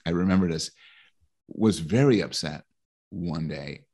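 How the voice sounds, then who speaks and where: A man's voice: low voice, measured pace, a little mellow, slightly rough. A middle-aged man explaining his ideas in conversation, thoughtful and prone to stammering restarts. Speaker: guest author.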